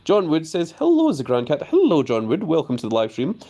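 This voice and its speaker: A man's voice: a little high, brisk. A man hosting a casual live stream of a game, chatting about his cards and reading viewer messages aloud before answering them. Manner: easily excited, voice jumps up on greetings.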